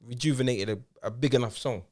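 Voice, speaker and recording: A man's voice: medium pitch, fast talker, a little mellow. A man talks loosely with his friends about music on a podcast. His voice sits in a middle register, and he keeps restarting his sentences and dropping in street slang. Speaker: podcast co-host. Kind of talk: casual chat among friends.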